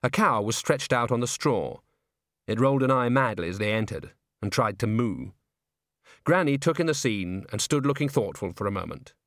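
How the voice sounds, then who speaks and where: A man narrating a story aloud in an expressive, scripted reading. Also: mid-range voice, moderate pace, no echo, studio quality. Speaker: audiobook narrator.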